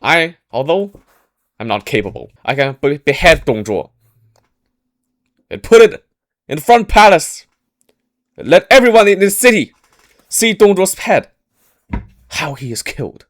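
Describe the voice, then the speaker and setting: A man's voice: fairly low pitch, lively intonation, a little slow, pauses often, dry recording, clean studio sound. A man voicing an ambitious, bold warlord who mocks the weeping ministers as cowards, in a casual storytelling style. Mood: fierce resolve. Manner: mocking, then declaring loudly.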